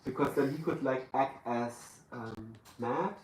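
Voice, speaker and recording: A man's voice: medium pitch, unhurried, darkish tone. A man with a German accent, a guest in a live podcast interview, searching for his words as he talks. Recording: roomy live venue, distant mic, faint room noise.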